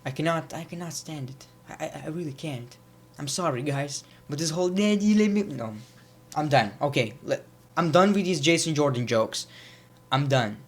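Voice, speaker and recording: A man's voice: fairly high pitch, moderate pace. A man hosting a casual video review of a wrestling show, chatty and opinionated, with sarcastic asides.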